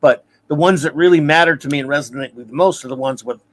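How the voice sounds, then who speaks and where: A man's voice: fairly high pitch, fast, a bit bright. A man who is a guest on a casual film discussion. He speaks thoughtfully, hedges his opinions and reads viewer comments aloud.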